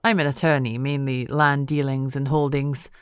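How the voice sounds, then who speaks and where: A woman's voice: very deep voice, level tone, moderate pace, clean tone, no room sound, clean studio sound. A woman doing an earnest young husband. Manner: earnest, slightly stammering.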